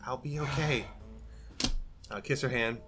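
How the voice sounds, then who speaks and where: A man's voice: mid-range voice, unhurried, over music. A man playing in a tabletop game, joking and laughing often. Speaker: player.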